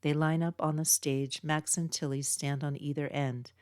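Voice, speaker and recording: A woman, an author, narrating her book in a steady, measured reading. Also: low-pitched, dry recording, studio quality. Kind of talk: audiobook narration.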